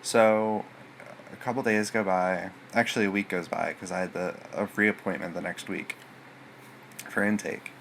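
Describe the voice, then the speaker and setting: A man's voice: deep voice, steady tone, moderate pace, vocal fry, a bit bright, slight background noise. A man telling a personal story to his viewers in a rambling, hesitant way, full of fillers and restarts. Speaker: vlogger.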